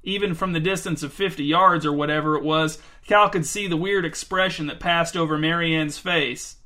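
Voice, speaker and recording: A man's voice: on the high side, steady tone, moderate pace, pushed and bright. A man reading a story aloud in a dry, wry narration. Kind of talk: scripted narration.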